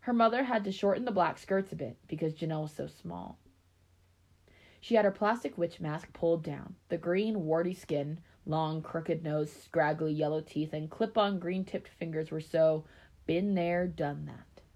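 A woman reading a story aloud in a relaxed way, breaking off now and then for chatty asides. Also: low voice, moderate pace.

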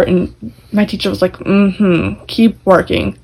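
Young woman, podcast co-host, chatty storyteller, swears a lot, mid pitch. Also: steady tone, a little slow, darkish tone, slightly rough, poor audio. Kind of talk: casual chat.

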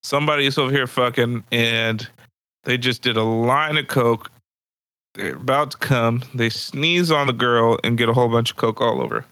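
A man's voice: mid-range voice, normal speed, bright, forceful tone, no room sound. A man co-hosting a casual podcast, telling crude stories and laughing often. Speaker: podcast co-host. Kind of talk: casual chat.

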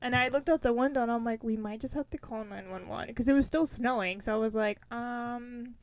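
A young woman co-hosting a casual chat, telling stories with animated acted-out quotes. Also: fairly high pitch, a little fast, dry recording. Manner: animated storyteller, acts out quotes with big jumps. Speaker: podcast co-host.

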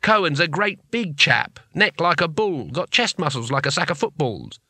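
Brief: man voicing jittery cowardly wizard, stammering, higher pitch, bright tone. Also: very animated, breathy edge, no room sound, full character voice. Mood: flustered. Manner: hurried, stammering. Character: nervous young male wizard, cowardly and flustered.

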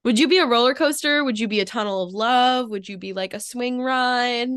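A young woman co-hosting a podcast, talking in casual chat full of "like" fillers and quick laughs. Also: fairly high pitch, a bit bright, clear, resonant tone, no room sound, clean studio sound. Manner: chatty, frequent "like" fillers, laughs often. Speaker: podcast co-host.

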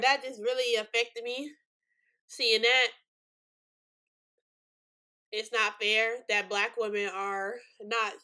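Bright-voiced tearful woman podcast host. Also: a little high. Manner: rambling, many fillers, choked up. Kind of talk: emotional true-crime podcast talk.

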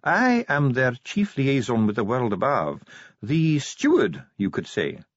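A man's voice: mid-range voice, sing-song, a little slow, no echo, muffled recording, voice pushed up. A man doing a haughty, sneering dwarf steward. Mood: disdainful. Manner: pompous, clipped and condescending. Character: haughty male dwarf steward, cold and disdainful. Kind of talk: audiobook character voice.

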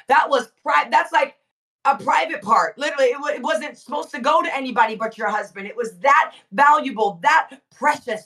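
A woman preaching with fervor, repeating phrases for emphasis and rising to shouts. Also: high voice, far from the mic. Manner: fervent, emphatic repetition, swells to shouting. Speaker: guest preacher. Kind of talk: impassioned preaching.

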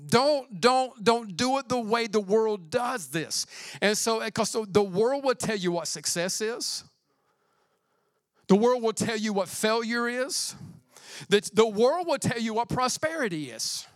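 A man's voice: sits high, animated, a little slow, no room sound, clean studio sound. A young man preaching a casual, slangy sermon, talking to his congregation in a conversational, emphatic way and often repeating himself for stress.

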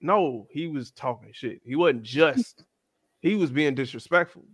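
A man's voice: medium pitch, unhurried, breathy edge, dry recording, studio quality. A man in his thirties co-hosting a casual chat, talking in slang and acting out what other people say. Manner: animated, slangy, acts out quotes. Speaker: podcast co-host.

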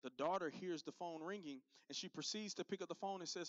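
A man's voice: high voice, fast talker, few pauses, a bit bright, no echo, dull audio. A man giving a direct, punchy youth sermon as pastor, talking straight to his crowd.

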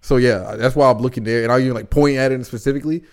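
Young male podcast co-host, mid-pitched, chatty and animated, recaps stories with a filler-heavy casual delivery. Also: racing. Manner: animated storyteller, many "like" fillers. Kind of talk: casual chat, recapping a play.

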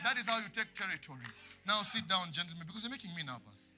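A man preaching a sermon in church, swinging from loud passionate lines to hushed ones. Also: high voice, very animated, fast, over music. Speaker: pastor.

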